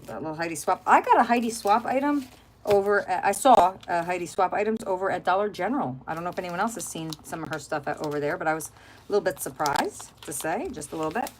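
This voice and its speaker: A woman's voice: on the low side, animated, fast talker, slight background noise, poor audio. A middle-aged woman hosting a crafting livestream, chatting casually and rambling to her viewers as she works. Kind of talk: casual chat while crafting.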